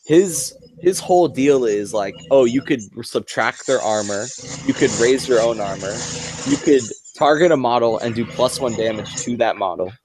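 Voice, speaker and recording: A man's voice: medium pitch, expressive, normal speed. A man in casual chat on a painting stream, rambling and explaining with lots of fillers. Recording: noisy mic with clicks.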